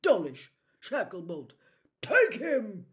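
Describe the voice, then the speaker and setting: A woman voicing a blustering, pompous older man who shouts orders. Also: on the high side, animated, takes it slowly, pitched above the performer's own voice.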